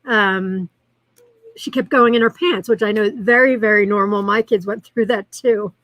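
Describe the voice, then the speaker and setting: A woman's voice: medium pitch, fairly even intonation, moderate pace, fairly bright tone, no echo, lo-fi sound. A woman hosting a live-streamed show, chatting casually in a rambling way and reacting to viewer comments as she reads them aloud.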